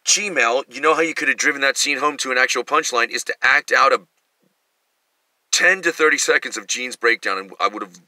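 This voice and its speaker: A man's voice: medium pitch, brisk, pushed and bright, no room sound. A middle-aged male comedian giving a rambling, profane, self-mocking monologue.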